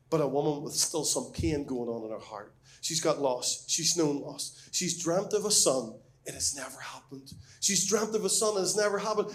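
A man preaching a sermon as a pastor, reading scripture and speaking earnestly and emphatically, with rising questions. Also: a little high.

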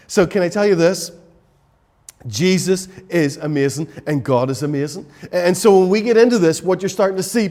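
Emphatic male preacher, slightly high voice. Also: a little mellow. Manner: emphatic, repetitive preaching with rhetorical questions. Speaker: pastor. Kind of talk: sermon.

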